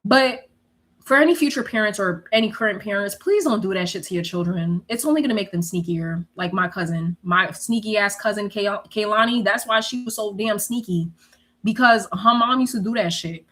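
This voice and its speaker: A young woman telling stories in a casual, animated way, swearing freely and laughing often. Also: medium pitch, moderate pace. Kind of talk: casual storytelling chat.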